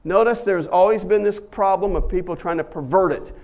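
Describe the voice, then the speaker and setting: Guy preaching a sermon, pretty high voice, gets loud then drops way down, acts out the people he quotes. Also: fairly quick. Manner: emphatic, rising to loud peaks then dropping low. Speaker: pastor.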